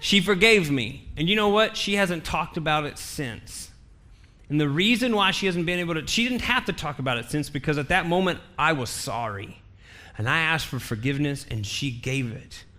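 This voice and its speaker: A man preaches a sermon in a church, delivering a personal story with humor and emphatic repetition. His voice sits a bit high and rings bright and forceful. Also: expressive, moderate pace. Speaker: pastor.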